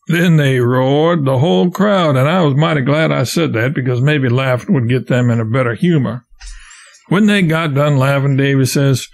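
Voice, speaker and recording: A man narrating an audiobook of a classic novel in a steady, plain storytelling way. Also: medium pitch, normal speed, vocal fry.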